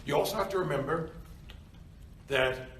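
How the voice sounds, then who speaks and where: A male university lecturer giving a seminar lecture in an animated, conversational way, often checking in with his students. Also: on the high side, moderate pace, distant mic. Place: seminar classroom. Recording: roomy classroom with faint background noise.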